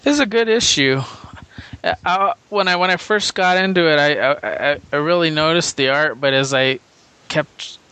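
A man casually chatting about a comic issue, relaxed, repeating words as he starts sentences. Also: a little high, moderate pace, clear, resonant tone, no room sound. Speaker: comic book podcast co-host. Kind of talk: casual discussion.

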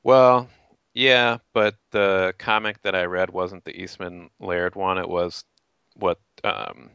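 Male co-host, deep, smooth voice, relaxed chat, slightly lo-fi. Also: slow, no room sound. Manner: rambling, restarts while recalling. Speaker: podcast co-host. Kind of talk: casual chat.

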